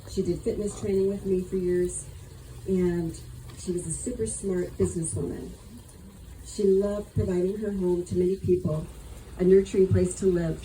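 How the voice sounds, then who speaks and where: A woman's voice: lowish voice, dark tone, slight background noise, low-quality recording. A woman giving an earnest, affectionate memorial tribute at a gathering. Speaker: eulogy speaker.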